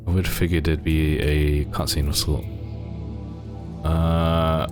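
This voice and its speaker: A man's voice: very deep voice, level tone, slow, music in the background. A man live-streaming a game, reacting in a chatty, wry way. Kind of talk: casual live-stream commentary.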